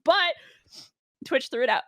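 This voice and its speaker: A woman streamer chatting casually as co-host, gushing and quick to laugh. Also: high-pitched, lively intonation, pushed and bright. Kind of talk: casual chat.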